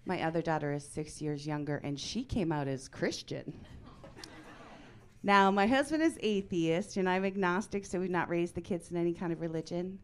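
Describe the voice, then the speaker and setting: A woman in her forties performing a stand-up comedy set in a club, brash and deadpan, acting out the people she quotes. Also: lowish voice, normal speed, slight background noise.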